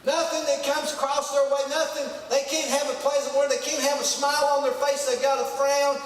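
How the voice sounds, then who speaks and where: A man preaching a folksy, emphatic sermon as pastor, his voice rising into shouts. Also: very high-pitched, level tone, fairly quick. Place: church sanctuary. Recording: echoey church hall from far off.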